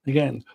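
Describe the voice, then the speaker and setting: A middle-aged woman hosting a casual live chat and answering comments. She rambles and giggles often, and she trails off with lots of fillers. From United States. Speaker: live-stream host.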